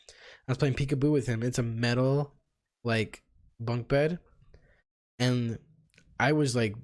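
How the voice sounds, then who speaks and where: A young man co-hosting a casual podcast, talking loosely with frequent swearing and halting restarts. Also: medium pitch. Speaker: podcast co-host. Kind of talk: casual chat.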